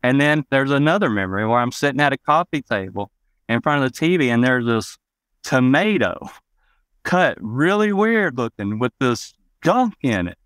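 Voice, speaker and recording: A man's voice: mid-range voice, a bit bright, no echo. A man from Arkansas, telling personal memories as an interview guest, rambling with many "you know" asides.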